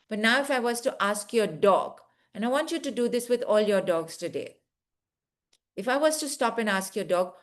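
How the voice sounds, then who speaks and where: A woman teaching an online dog behaviour course, earnestly acting out what fearful dogs are thinking. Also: medium pitch. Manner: earnest, acts out dogs' thoughts in first person.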